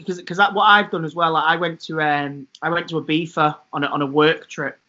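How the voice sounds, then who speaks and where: Bright high-voiced joking man. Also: fairly even intonation, brisk. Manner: joking, laughs between lines. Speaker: podcast co-host. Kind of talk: casual chat. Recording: dull lo-fi recording.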